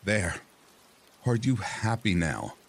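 A man's voice: on the low side, very animated, takes it slowly, creaky, a little hiss or hum, voice pushed up, full character voice. A man voicing a weary, apologetic old fisherman in a storybook tale. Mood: meek. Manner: apologetic and mild.

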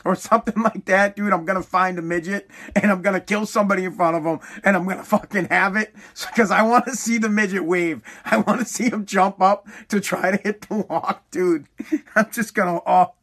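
A man's voice: sits high, fairly even intonation, fairly quick, a bit bright. A man chatting casually as a podcast host, swearing freely, rambling with restarts and laughing as he retells things. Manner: profane, laughs often while retelling.

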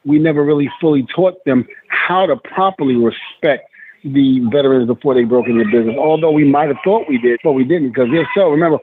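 A man's voice: medium pitch, brisk. Man telling stories over a tinny line. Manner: rambling storyteller, frequent fillers. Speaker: guest. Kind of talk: casual chat. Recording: tinny phone-like remote line with faint noise.

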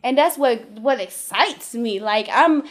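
A woman with a notably high voice recounts her faith testimony in a relaxed interview. She talks colloquially and emphatically, acting out the voices in her conversations. Her delivery climbs into lively exclamations. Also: measured pace. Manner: animated storyteller who acts out dialogue with God and her kids.

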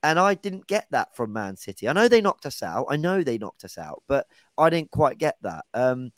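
A man's voice: medium pitch, big pitch swings, moderate pace, dry recording. A man hosting a casual football podcast, chatting and handing questions to his co-hosts. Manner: chatty, hands the floor to others. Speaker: podcast host.

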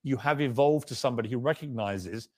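A man conducts an interview in a measured, probing tone and presses his guest with questions. The voice sits dry and close to the mic. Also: mid-range voice, a little mellow, no echo.

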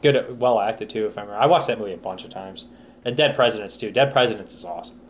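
A man co-hosting a podcast, chatting casually with friends, animated and quick to laugh. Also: on the low side, a little hiss or hum. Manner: animated, jokey, breaks into laughter. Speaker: podcast co-host. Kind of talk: casual chat.

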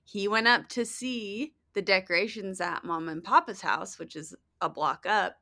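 A woman's voice: medium pitch, a little slow, bright, forceful tone. A woman co-hosting a casual chat show, telling a story in a rambling way with many fillers. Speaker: podcast co-host.

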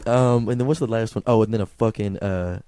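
A man's voice: lowish voice, brisk, warm tone, smooth. A young man co-hosting a comedy podcast, swearing and riffing in loose, crude banter. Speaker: podcast co-host.

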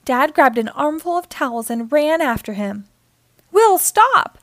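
A woman hosting storytime, reading a children's book aloud with expressive storytelling. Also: high voice, normal speed, dry recording. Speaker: storytime host.

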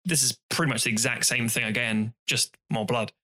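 A man's voice: medium pitch, a little fast. A man co-hosting a podcast, chatting casually and animatedly about films, swearing and acting out scenes. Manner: animated, swearing, acts out scenes in silly voices. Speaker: podcast co-host. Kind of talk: casual film chat.

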